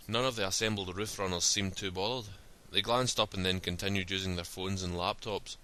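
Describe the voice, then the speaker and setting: A man reads a story aloud in a steady, plain style. His voice sits fairly low but comes across forceful and sharp-edged. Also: a little fast, few pauses. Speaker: narrator. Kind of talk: storybook reading.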